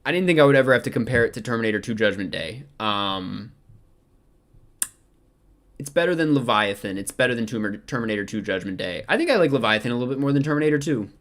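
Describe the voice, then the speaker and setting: Young male film vlogger, mid-pitched, casual and rambling, keeps second-guessing himself. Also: fairly bright tone. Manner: rambling, self-questioning, frequent ums. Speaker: film vlogger ranking movies. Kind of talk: casual chat.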